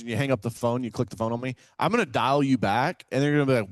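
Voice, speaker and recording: A man's voice: medium pitch, quick pace, few pauses, dry recording. A man from Kentucky, a real estate investor guest on a casual podcast interview, telling stories energetically and acting out phone calls in a folksy way. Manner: energetic, animated storyteller who acts out phone calls; folksy, says "man" and "right?" often.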